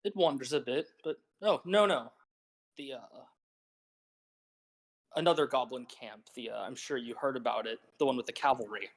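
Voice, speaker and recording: A man voicing a measured male camp leader in a tabletop role-play game, speaking in a calm, deliberate and commanding way. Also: mid-range voice, natural voice. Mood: firm.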